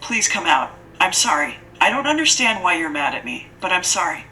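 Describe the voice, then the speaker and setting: List: a woman doing an eager schoolgirl, pleading, raised pitch, bright tone. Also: very animated, moderate pace, distant mic, slight background noise, poor audio. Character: eager, tender-hearted schoolgirl seeking affection. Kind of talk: audiobook character voicing.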